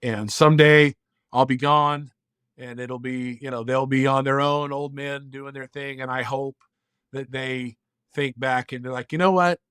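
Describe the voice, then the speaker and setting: A man's voice: medium pitch, flat delivery, measured pace, clear, resonant tone, no echo, clean studio sound. A man in his fifties, a podcast guest, telling reflective family stories in casual conversation. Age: 50s. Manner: earnest storyteller, warm and reflective.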